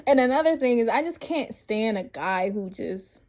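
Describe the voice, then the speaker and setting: Animated, profane woman ranting, high voice. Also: moderate pace. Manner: animated, blunt and profane, often laughing. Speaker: vlogger. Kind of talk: casual rant reading her notes.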